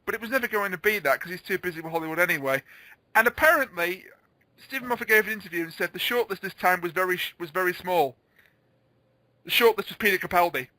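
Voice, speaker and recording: A man's voice: high-pitched, fast talker, bright, forceful tone, no echo, low-quality recording. A man hosting a casual chat, opinionated and a little stammering. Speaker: host.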